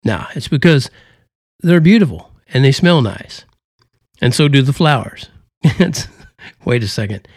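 A man's voice: medium pitch, lively intonation, unhurried, pauses often, a little mellow, husky, no echo, clean studio sound. A man hosting a podcast, talking in a folksy, rambling and joking way with a put-on Southern drawl. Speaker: podcast host. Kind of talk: folksy casual monologue.

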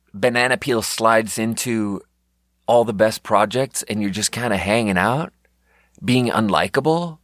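A young man from Europe rants on his podcast in a low, rambling voice. He swears freely and sounds sarcastic. The recording is dry and close, with no room sound. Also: a bit bright, no echo. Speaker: podcast host. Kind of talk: unscripted podcast rant.

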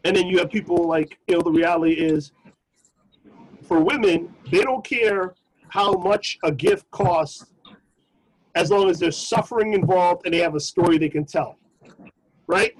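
A middle-aged man, a podcast co-host, telling a story in a casual way, animated and swearing, acting out the voices of the people in it. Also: high voice, moderate pace, pauses often, poor audio.

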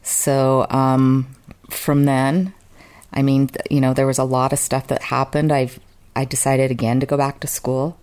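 A woman's voice: very deep voice, level tone, unhurried, a little mellow. A woman telling her own life story as an interview guest, earnest and open, with flashes of self-mockery. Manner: earnest, open and emotional, sometimes self-mocking. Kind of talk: candid personal storytelling in an interview.

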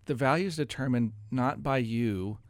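A man's voice: mid-range voice, normal speed, no room sound. Dry-voiced man explaining investing. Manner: explanatory, lots of restarts and laughs. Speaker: co-host. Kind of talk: casual radio show chat.

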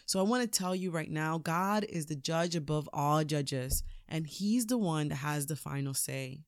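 A woman hosting a podcast, giving an energetic, preachy motivational talk and laughing often. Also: sits low, moderate pace, hardly any pauses, dry recording, clean studio sound. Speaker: podcast host, motivational speaker.

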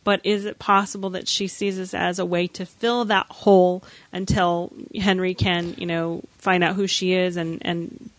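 A woman's voice: on the low side, normal speed, few pauses, dry recording. A woman co-hosting a podcast, chatting through a TV episode recap and acting out the characters' lines with lots of restarts. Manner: animated, acts out quoted lines, many restarts. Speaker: podcast co-host. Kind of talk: casual chat recapping a TV episode.

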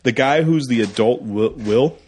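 A man co-hosting a casual movie podcast, talking loosely with a slightly husky, breathy voice. He rambles through the story and breaks into short silly impressions of the characters. The talk sounds unscripted. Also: mid-range voice, moderate pace, darkish tone. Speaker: podcast co-host. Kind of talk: casual movie review chat.

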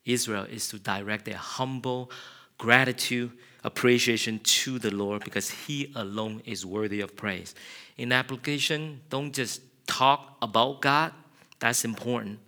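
A middle-aged man preaching a sermon, animated, acting out quotes with a raised voice. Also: mid-range voice, normal speed. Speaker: pastor.

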